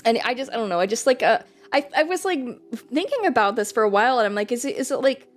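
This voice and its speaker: A woman's voice: on the high side, sing-song, fast talker, soft background music. A young woman streaming from home, chatting casually and rambling with lots of fillers and giggles. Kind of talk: casual live-stream chat.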